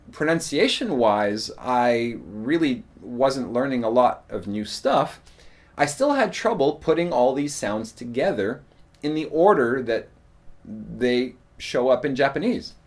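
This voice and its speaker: A man gives an unhurried spoken lesson in a natural mid-range voice. He explains things plainly and casually, filling pauses with ums and uhs as he works out what to say next. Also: mid-range voice. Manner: relaxed, explaining with frequent fillers. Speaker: English teacher.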